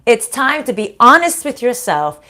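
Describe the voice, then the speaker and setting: A woman's voice: fairly high pitch, big pitch swings, normal speed, sharp tone. A woman from the United States giving a casual tarot card reading. She talks bluntly, swears freely and laughs often. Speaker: tarot reader. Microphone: desk microphone.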